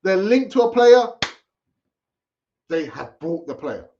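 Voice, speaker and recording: Man, live stream host, chatty, repetitive, higher voice, dull lo-fi sound. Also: big pitch swings, slow, long pauses, warm tone. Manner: chatty, repeats himself, pleads with viewers. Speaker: fan channel host. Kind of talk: live-stream football chat.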